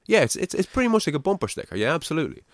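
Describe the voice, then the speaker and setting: A man's voice: fairly high pitch, sing-song, rapid-fire, dry recording, studio quality. A man from Ireland with a Navan accent, hosting a podcast in casual, rambling chat and swearing freely. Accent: Navan, Irish. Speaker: podcast host.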